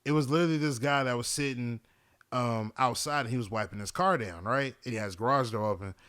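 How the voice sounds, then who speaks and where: A young man hosting a podcast, telling a story in a casual, animated and profane way. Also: medium pitch, fast talker, clean tone. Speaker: podcast host.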